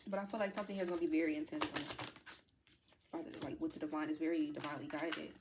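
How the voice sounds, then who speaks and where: A woman tarot reader with a low-pitched voice talks fast in a steady tone, giving viewers a casual, filler-heavy reading and calling them y'all. Now and then she's emotional to the point of near tears, and background noise can be heard.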